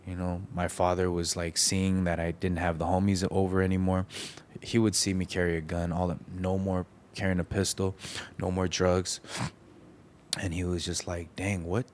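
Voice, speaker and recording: A man with a deep, low voice shares a deeply personal story in conversation. He talks candidly and haltingly, restarting his sentences as he reflects. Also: flat delivery, a little mellow, a little hiss or hum. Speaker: podcast guest. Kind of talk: emotional storytelling.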